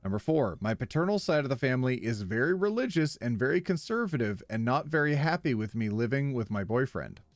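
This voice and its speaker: A man's voice: mid-range voice, very animated, a little fast, hardly any pauses, no echo. Playful man reading posts on stream. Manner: playful, laughs easily, wry asides. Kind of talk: casual reading of online posts with commentary.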